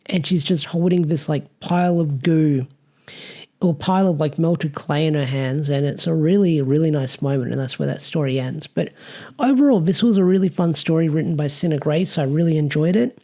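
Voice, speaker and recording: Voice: medium pitch, moderate pace, warm tone. A reviewer with an Australian accent, talking through a story in a casual, rambling way with many fillers. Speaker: comic reviewer.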